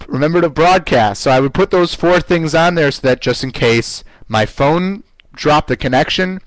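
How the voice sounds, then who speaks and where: Male webinar instructor, mid pitch, coaching tone, dry close-mic sound. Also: no room sound, rough recording. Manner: energetic, coaching, repeats words as he goes. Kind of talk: live online class.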